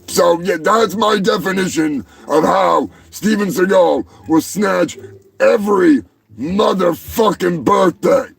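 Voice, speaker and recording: A man hosting a comedy show, ranting in a rambling, profane way that often breaks into shouting. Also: high-pitched, slow, creaky, breathy edge, soft background music. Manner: rambling, shouting, heavy swearing. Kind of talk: profane comic rant.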